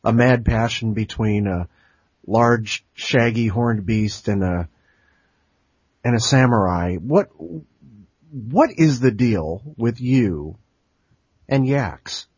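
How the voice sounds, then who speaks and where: A man's voice: lowish voice, takes it slowly, long pauses, darkish tone, husky, no room sound. A man hosting a podcast, joking and rambling in casual chat. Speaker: podcast host. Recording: dull lo-fi dry recording.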